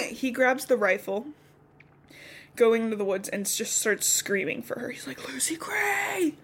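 This young woman's voice is on the high side, a little slow and a bit bright. Co-hosting a podcast, she chats through a recap of a novel, voicing the characters' dialogue in quotes along the way.

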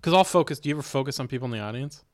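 A man's voice: mid-range voice, animated, rapid-fire, darkish tone, no echo. A man, a comedian, chatting casually in a blunt, teasing way. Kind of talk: casual chat.

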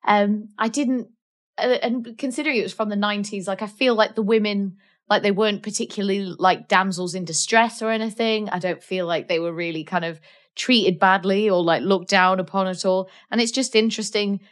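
A woman's voice: medium pitch, brisk. A Welsh woman co-hosting a casual film chat, chatty with many fillers and restarts. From Wales. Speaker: podcast co-host.

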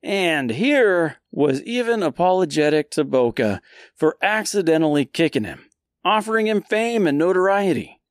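A man hosting a podcast, retelling a classic poem in a casual, jokey way and dropping into quick silly voices for the characters. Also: on the high side, very animated, no room sound, studio quality. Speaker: podcast host.

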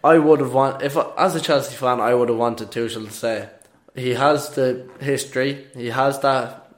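Brief: man, mid pitch, emphatic podcast co-host, football opinions. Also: fairly even intonation, moderate pace. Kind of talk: casual football chat.

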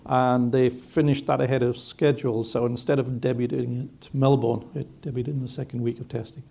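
Man, gravelly and mellow voice, steady explainer on a panel. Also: medium pitch, a little fast. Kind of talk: live panel talk, explaining.

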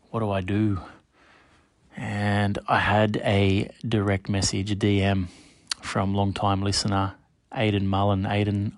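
Male podcast host, low gravelly voice, flat even delivery, dry close sound, chatty and direct with listeners. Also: no room sound. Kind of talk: casual solo podcast monologue.

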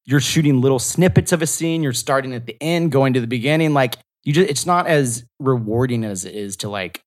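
A man's voice: medium pitch, a little fast. A man from the American South, an actor chatting as a podcast guest, talking in loose, rambling sentences full of fillers. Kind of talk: casual interview chat.

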